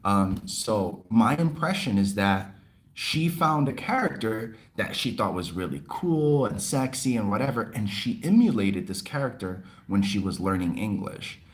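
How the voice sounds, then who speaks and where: Animated young man telling a story. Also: fairly low pitch, measured pace. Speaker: livestream host. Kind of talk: casual chat.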